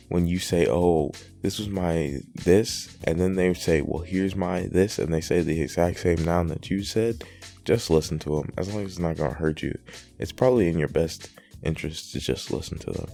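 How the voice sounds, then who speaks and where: Deep, gravelly, exasperated commentator. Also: male voice, fairly quick, mellow, soft background music. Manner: exasperated, rambling with many fillers. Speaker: commentary host. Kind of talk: reaction commentary.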